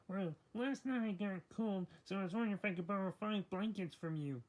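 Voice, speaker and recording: Someone voicing an eager toy character in a homemade story video, talking quickly. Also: medium pitch, natural voice, poor audio.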